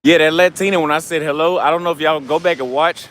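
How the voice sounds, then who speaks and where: Speaking quickly in a slightly high, steady, somewhat bright voice, a travel vlogger walks a city street at night with a handheld camera, a little hiss or hum audible. Slightly drunk and short of breath, he delivers a loose, foul-mouthed, casual monologue that often fades out mid-thought.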